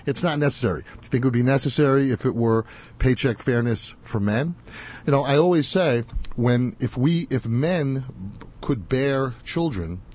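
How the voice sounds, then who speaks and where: Man, talk show host, mellow tone, emphatic, indignant commentary. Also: medium pitch, animated, normal speed. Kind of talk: opinionated commentary.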